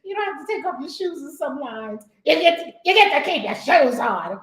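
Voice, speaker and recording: Woman, high-pitched, expressive and blunt, storytelling spiritual teacher, echoey room. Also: fairly quick. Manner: expressive, laughing, blunt and profane. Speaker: spiritual teacher leading a community session. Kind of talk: animated storytelling talk.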